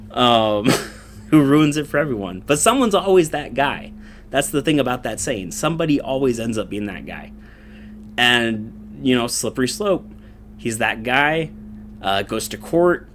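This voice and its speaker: A man's voice: medium pitch, lively intonation, measured pace, fairly bright tone, a little hiss or hum. A young man in a casual, profane political rant, rambling with lots of fillers and laughing between points. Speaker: commentator.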